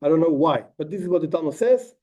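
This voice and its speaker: A rabbi teaching a text lesson informally, animated, acting out quotes and tossing in asides. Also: male voice, fairly high pitch, fast talker, distant mic, muffled recording. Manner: animated, acts out quotes, frequent asides like "whatever".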